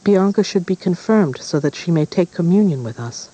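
Brief: man playing a storybook witch queen, coaxing, lifted higher and stronger. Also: animated, normal speed, mellow, low-quality recording. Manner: coaxing, pleading.

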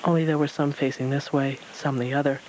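A man narrating a storybook read-aloud in a calm, even way. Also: medium pitch, a little fast, slight background noise, low-quality recording.

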